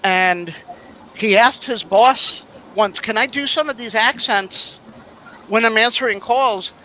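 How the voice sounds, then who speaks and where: Bright high-voiced chatty man. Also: slow pace, highs cut off, slight background noise. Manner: chatty storyteller, easygoing and joking. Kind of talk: casual chat.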